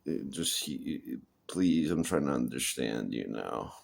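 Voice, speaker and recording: A man with an extremely low, gravelly voice talks in a rambling personal monologue. He stops and restarts a lot, repeats words and swears freely. His voice has a rough creak running through it. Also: expressive, unhurried. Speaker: vlogger.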